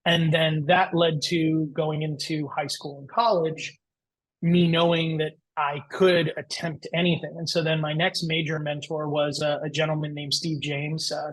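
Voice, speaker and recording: A man in his forties, a podcast guest, telling his career story in a lively, anecdotal way and acting out the voices he quotes. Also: on the high side, breathy edge, rough recording. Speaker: guest entrepreneur.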